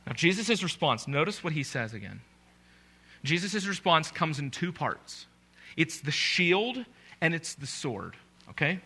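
A man preaching from the pulpit as pastor, pressing his points with emphatic rhetorical questions. His voice is very bright and sits a little high. He addresses the congregation directly throughout the sermon. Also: sing-song, a little slow, vocal fry, slightly rough.

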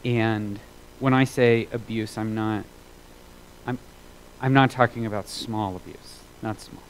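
A man preaching a sermon as a pastor, earnest and emphatic, repeating phrases for weight and moving between loud and hushed delivery. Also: lowish voice, steady tone, measured pace, slight background noise, poor audio.

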